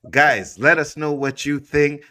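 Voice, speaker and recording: A man's voice: fairly high pitch, a little slow, sharp tone. A man hosting a casual pop-culture talk show, reading viewer comments and agreeing with a laugh.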